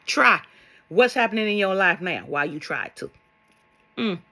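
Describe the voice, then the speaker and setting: A woman's voice: mid-range voice, big pitch swings, slow, creaky, bright, forceful tone. A woman speaking as a spiritual love coach in a vlog monologue, blunt and sassy, swearing and firing rhetorical questions at her viewers.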